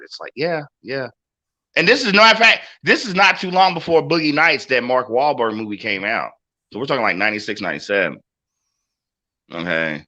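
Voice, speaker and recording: A man's voice: mid-range voice, brisk. A man co-hosting a casual wrestling podcast, telling stories with lots of energy and frequent swearing. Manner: animated storytelling, swears freely. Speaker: podcast co-host.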